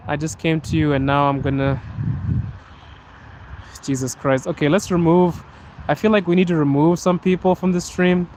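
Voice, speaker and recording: A man's voice: fairly high pitch, darkish tone, a little hiss or hum. Chatty man livestreaming outdoors. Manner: chatty and joking, reading comments aloud. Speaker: livestream host. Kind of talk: casual livestream chat answering viewer questions. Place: outdoors on a snowy city street.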